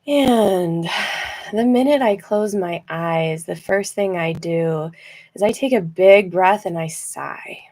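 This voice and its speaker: A woman leading a guided rest and relaxation practice from her chair, gentle and encouraging, laughing now and then and using fillers. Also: on the low side, takes it slowly. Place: seated in a chair.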